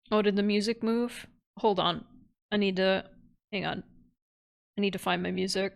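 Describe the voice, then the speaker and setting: A woman's voice: medium pitch, steady tone, moderate pace, creaky, pauses often. A woman streamer giving candid, casual commentary on a horror game, thinking aloud and swearing freely.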